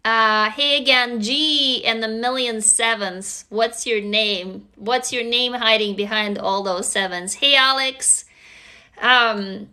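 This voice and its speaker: A woman's voice: fairly high pitch, bright, forceful tone. A woman whose first language is Russian, hosting a casual live stream from a phone, greeting viewers and swearing freely. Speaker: livestream host.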